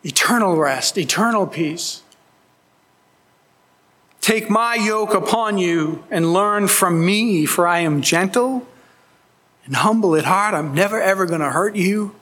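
A man's voice: high voice, unhurried, a bit bright, breathy edge. A man preaching a sermon as pastor, earnest and emphatic, pleading with his listeners. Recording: long hall reverb.

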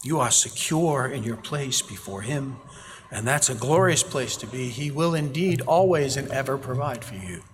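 A man preaching a sermon, telling scripture stories with animated voices for the people in them. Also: medium pitch, moderate pace, slight background noise. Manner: animated storytelling, acting out quoted voices. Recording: reverberant hall.

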